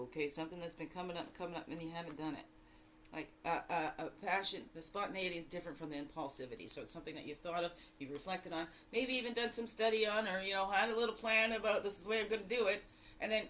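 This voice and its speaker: A woman giving a daily spiritual card reading in a lively, exclamatory way, full of rhetorical questions and repeated phrases. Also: slight background noise, poor audio. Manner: animated, jumping between loud bursts and low asides. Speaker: spiritual guide.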